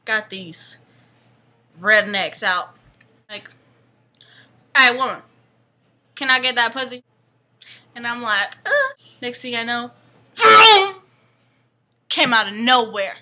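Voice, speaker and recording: A woman's voice: on the high side, slow pace, pauses often, bright, forceful tone, slight background noise, full character voice. A woman playing a brash young woman who tells her vampire romance in a crude, slangy comedic parody monologue, acting out the other characters' lines.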